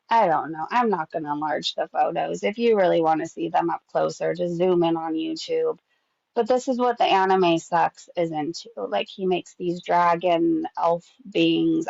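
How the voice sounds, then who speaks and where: A woman rambles through casual gossip commentary, chatty and loose with swearing. Her voice carries a gravelly fry. The recording is dry and a little dull. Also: lowish voice, darkish tone, dry recording. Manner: chatty, swearing, laughs often.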